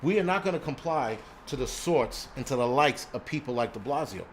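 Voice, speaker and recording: An animated, slightly fast male voice in the mid range, with slight background noise. He hosts a prepping live stream from New York City and rants angrily and bluntly, profanity everywhere, with plenty of restarts and stammers.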